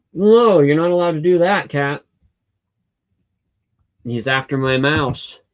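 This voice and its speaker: Male livestream host, casual and rambling, mid-range voice, lots of ums and false starts while reading chat. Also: medium pitch. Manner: rambling, hesitant, many fillers and restarts. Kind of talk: casual live Q&A, reading comments aloud. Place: home room with a cat.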